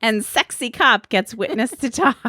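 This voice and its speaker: A woman co-hosting a comedy podcast, reading news headlines deadpan and laughing along. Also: fairly high pitch, normal speed. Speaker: podcast co-host. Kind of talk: casual comedic chat.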